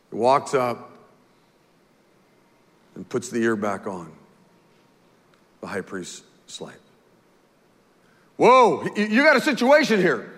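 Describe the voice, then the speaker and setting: A male pastor preaching a sermon in an animated, folksy way, with stammered restarts. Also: sits high. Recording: long hall reverb.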